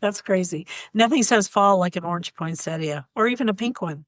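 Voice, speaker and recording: A woman from Oklahoma co-hosting a casual gardening podcast, relaxed and responsive with soft asides. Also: medium pitch, a little fast, no echo, studio quality. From Oklahoma, USA. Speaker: podcast co-host.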